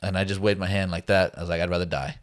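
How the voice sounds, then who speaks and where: A man's voice: deep voice, level tone, very fast, no echo, studio quality. A man casually telling a survival story as a podcast guest, laid-back, laughing often and acting out what people said.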